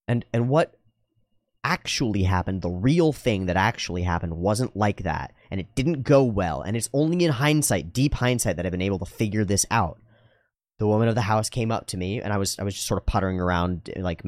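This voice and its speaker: A man's voice: sits low, fairly quick, no room sound. Earnest, rambling man, close and dry. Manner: earnest, rambling, self-correcting. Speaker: channel host. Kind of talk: casual reflective monologue.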